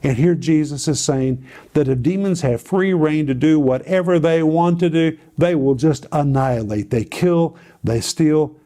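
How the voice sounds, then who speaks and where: A man's voice: on the high side, a little slow, warm tone. A man teaching on a Bible passage to a co-host, telling it in a dramatic, emphatic way with repeated phrases.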